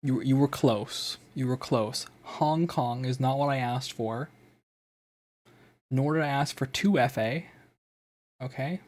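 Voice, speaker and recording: A male streamer with a husky, slightly breathy voice, talking casually to his stream. He sounds exasperated and self-mocking, repeating the same command again and again. His pitch sits in an ordinary middle range. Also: slow pace, pauses often, a little mellow. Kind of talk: casual live-stream chat.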